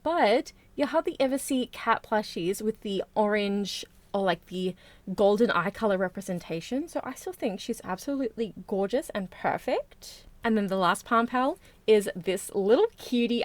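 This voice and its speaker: A woman hosting a casual haul vlog, bubbly and chatty, talking fast and gushing over her finds. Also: medium pitch, lively intonation, no room sound. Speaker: plush collecting vlogger.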